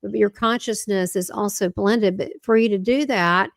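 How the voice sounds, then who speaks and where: A woman talks animatedly as a podcast guest. She jumps between thoughts and restarts sentences. Her voice sits at a middle pitch, and the recording sounds dry and close. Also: fairly even intonation, normal speed, no echo. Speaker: guest, spiritual medium. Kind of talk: casual interview chat.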